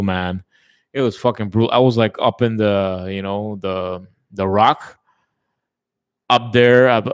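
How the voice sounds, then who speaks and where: Casual chat host, male, lowish pitch, loose and rambling, drops curse words. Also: clean tone. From lives in a tourism-based place, has lived abroad. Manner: relaxed, rambling, swears often, many fillers. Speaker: channel host chatting with viewers.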